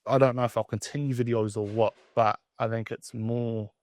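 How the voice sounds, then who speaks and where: A man's voice: medium pitch, steady tone, normal speed, darkish tone, no echo, clean studio sound. A man in his twenties talking candidly to camera in a reflective personal monologue, rambling with fillers and restarts. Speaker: vlogger.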